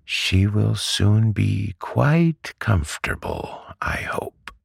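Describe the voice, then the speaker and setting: A man voicing a timid, mild male doctor who speaks meekly and softly, for a storybook reading. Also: fairly low pitch, lively intonation, extremely slow, creaky, breathy edge, no echo, studio quality, voice pushed up, exaggerated voice. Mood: meek soothing. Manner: meek and soft-spoken. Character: meek, timid male country doctor, mild and soft-spoken.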